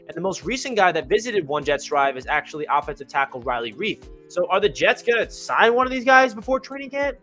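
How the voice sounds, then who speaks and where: Chatty young man with a higher voice. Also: fairly bright tone. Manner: rambling, enthusiastic, many fillers. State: hiccups. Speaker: fan channel host. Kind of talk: casual football commentary.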